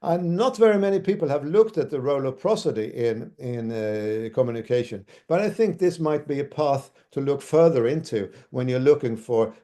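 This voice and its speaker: A man giving an academic lecture as a university lecturer, speaking haltingly with many restarts. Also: mid-range voice, expressive, mellow.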